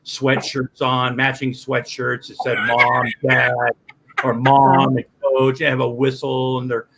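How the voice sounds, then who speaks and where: A man's voice: medium pitch, completely flat delivery, measured pace, vocal fry, a bit bright, a little hiss or hum, low-quality recording. A man chatting as a guest, telling rambling, profane stories with lots of restarts. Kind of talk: casual podcast chat.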